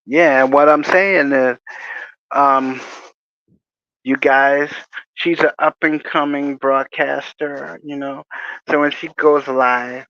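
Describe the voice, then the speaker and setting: A man's voice: mid-range voice, steady tone, takes it slowly, no echo. A man hosting a casual livestream, rambling through jokey stories with chuckles. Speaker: livestream host. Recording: dry, muffled lo-fi audio.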